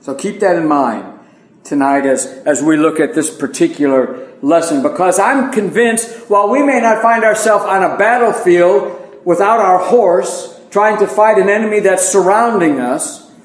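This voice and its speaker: In an echoey room on a low-quality recording, a man with a high voice preaches an evening Bible lesson at an unhurried pace. His sermon style is conversational, folksy and self-deprecating, with plain asides to his congregation.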